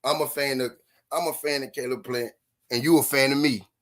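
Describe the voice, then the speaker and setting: A man's voice: mid-range voice, fairly even intonation, brisk, a bit bright. A man from Memphis, Tennessee, hosting a live stream and taunting his chat with mocking, repeated jabs and frequent laughter.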